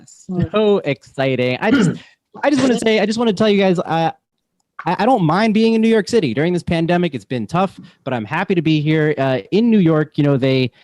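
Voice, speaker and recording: A man's voice: on the high side, darkish tone, no room sound, studio quality. A young adult man hosting a comedy show on a video call, upbeat and chuckling, with plenty of fillers. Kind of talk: stand-up emcee banter.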